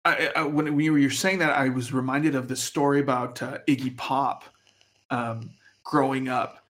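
A man co-hosting a podcast in casual chat, speaking in a halting, stop-start way with fillers. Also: medium pitch, steady tone, fairly bright tone. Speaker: podcast co-host.

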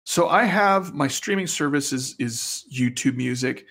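A man's voice: medium pitch, lively intonation, measured pace, a bit bright. A man co-hosting a podcast in casual chat, hesitant and full of fillers. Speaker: podcast co-host.

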